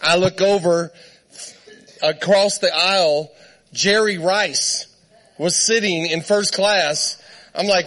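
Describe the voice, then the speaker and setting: High-voiced man telling a lively church story. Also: moderate pace. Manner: animated, laughing storyteller, voices jump high in retold quotes. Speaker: guest preacher. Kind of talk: storytelling sermon.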